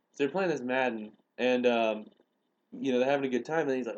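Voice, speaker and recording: Young male podcast host, chatty storyteller, average pitch, animated delivery with quoted bits. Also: fast, lo-fi sound. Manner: animated retelling, acts out quoted lines. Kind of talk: casual storytelling chat.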